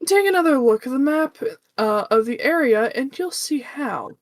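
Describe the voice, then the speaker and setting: A woman voicing a composed young female defense attorney, reading her reasoning in a measured way. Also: high-pitched, animated. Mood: steady.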